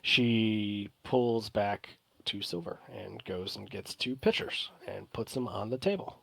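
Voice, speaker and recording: A man's voice: lowish voice, vocal fry, no echo. A man narrating a tabletop game as game master, slipping into character lines. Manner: voices characters in quick bursts.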